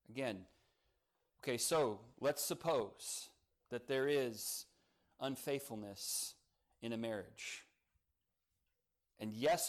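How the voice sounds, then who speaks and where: A man preaching a morning sermon, earnest and emphatic, leaning on key words as he builds each point. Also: medium pitch. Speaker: pastor.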